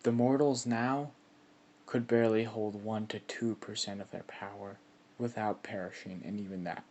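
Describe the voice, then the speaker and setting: A man's voice: on the low side, steady tone, normal speed, darkish tone, dull audio. A man casually telling a made-up fan story, rambling with lots of filler words.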